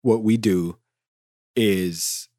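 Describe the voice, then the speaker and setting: A man co-hosting a podcast, giving advice in a relaxed, slangy way. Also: fairly low pitch, extremely slow, no echo, clean studio sound. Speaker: podcast co-host. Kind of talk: casual chat.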